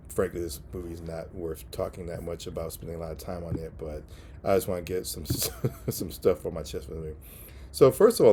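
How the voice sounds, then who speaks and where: A man giving a casual spoken movie review, relaxed and halting, with many fillers and restarts. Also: sits low, slight background noise.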